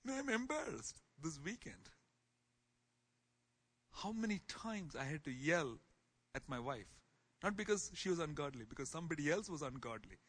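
A man teaching a Bible class in sermon style, swinging from soft asides to loud exclamations. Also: a little high, very animated, moderate pace, pauses often, slightly rough.

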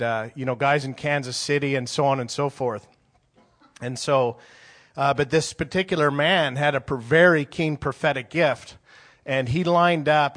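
A man's voice: medium pitch, a bit bright. A man in his forties preaching a sermon and telling a story in a conversational, rambling way, with many restarts.

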